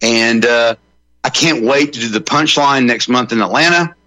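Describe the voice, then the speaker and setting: A man's voice: medium pitch, moderate pace, pushed and bright, no echo, poor audio. A man who is a comedian guest on a radio talk show, joking in a rambling way with many fillers.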